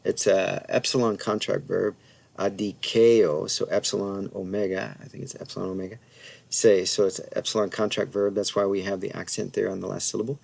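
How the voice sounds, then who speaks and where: A man with a low, gravelly voice teaches New Testament Greek in a loose, conversational way. He sounds out the Greek slowly and talks through his points with plenty of ums and restarts. He speaks into a desk mic. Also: little pitch movement. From United States. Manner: explanatory, thinks aloud with many fillers and restarts; reads Greek slowly and carefully. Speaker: Bible teacher. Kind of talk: casual screen-share Greek lesson.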